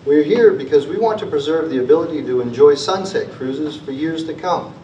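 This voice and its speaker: Brisk and warm, a man with a highish voice delivers an earnest prepared presentation to a town meeting in a school auditorium, returning again and again to rallying phrases. Emotion chokes him up at times, and the distant, roomy, dull recording has a little hiss or hum.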